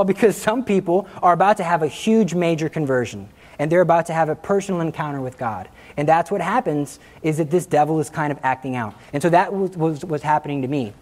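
A man's voice: fairly high pitch, fast talker, hardly any pauses. A man in his thirties gives an informal Catholic talk built around his own story. He tells it vividly, acting out what people said and laughing at himself along the way. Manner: animated, acts out quotes, laughs at himself. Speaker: Catholic speaker giving a testimony.

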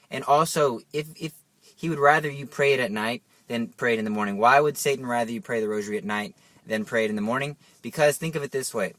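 A man's voice: mid-range voice, a bit bright, no room sound. Earnest man preaching on prayer. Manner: earnest, repetitive, rhetorical questions. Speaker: Catholic preacher. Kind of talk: devotional teaching talk.

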